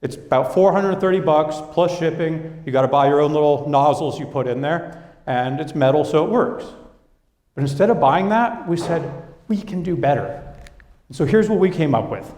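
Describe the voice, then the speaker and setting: Young man, business talk, lively storytelling, slightly high voice, echoey hall. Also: moderate pace. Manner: lively storytelling, acting out quoted coworkers. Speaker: business speaker. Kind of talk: presentation to an audience.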